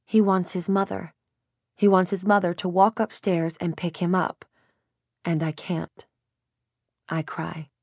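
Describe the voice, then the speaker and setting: A woman's voice: lowish voice, flat delivery, a little slow, long pauses, dry recording, clean studio sound. A woman in her thirties narrating a first-person novel in a wry, self-mocking, emotional way. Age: 30s. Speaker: audiobook narrator.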